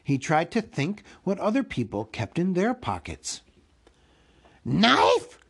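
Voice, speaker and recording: A man reading a storybook aloud as a podcast host, with an expressive, unhurried delivery. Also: fairly high pitch, husky.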